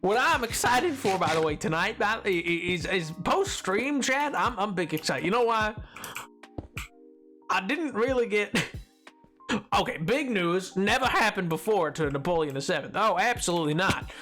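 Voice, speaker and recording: A man's voice: sits high, expressive, normal speed, pushed and bright. Man, streamer, goofy rambling chat, a bit tired, faint music behind. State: a little tired. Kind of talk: casual live-stream chat while gaming.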